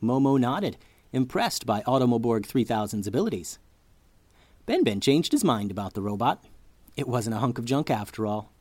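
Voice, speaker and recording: A man narrating a children's story with a lively, expressive reading. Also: medium pitch, normal speed, dry recording.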